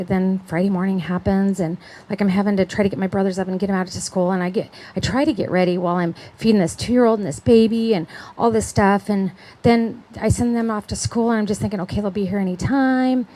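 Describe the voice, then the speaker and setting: Over a rough recording, a middle-aged conference speaker shares her personal testimony in a chatty way. She imitates the people she quotes and keeps asking "right?". Her voice is mid-range with a darkish tone.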